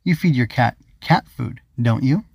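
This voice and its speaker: A man's voice: medium pitch, unhurried, vocal fry, darkish tone, breathy edge, no echo, clean studio sound. A man voicing a small, prim and fussy glowing bug creature who speaks formally and properly. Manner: formal and proper, calls others dear.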